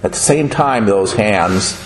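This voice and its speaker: A man giving a sermon, speaking slowly and deliberately and asking the listeners questions. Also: on the low side, lively intonation. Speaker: preacher. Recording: echoey room with faint noise.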